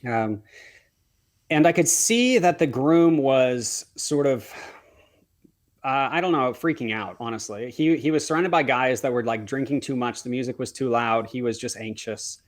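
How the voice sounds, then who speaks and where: A man's voice: medium pitch, normal speed. Earnest storytelling man. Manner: earnest, with frequent restarts and self-corrections; acts out remembered dialogue as he talks. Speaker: wedding photographer, podcast guest. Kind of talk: storytelling in a podcast conversation.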